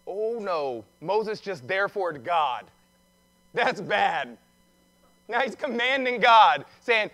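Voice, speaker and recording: A man's voice: high-pitched, animated, slow pace, sharp tone. A male pastor preaching an Easter sermon who tells the story in a conversational way, with humor and questions to the congregation.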